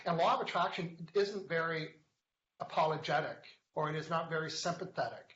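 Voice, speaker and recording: A man's voice: on the high side, a little fast, a bit bright. A man hosting a live online show, chatting casually, joking and reading viewer comments aloud as he teaches. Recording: echoey, dull lo-fi webcast sound.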